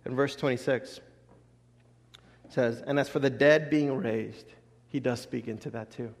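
Animated male pastor in an echoing hall. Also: medium pitch, unhurried, gravelly. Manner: animated, acts out voices and laughs often. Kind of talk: sermon. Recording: long echo of a large hall.

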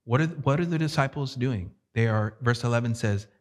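A man preaching a sermon as a pastor, in a conversational, animated way that keeps putting questions to the congregation. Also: mid-range voice, brisk.

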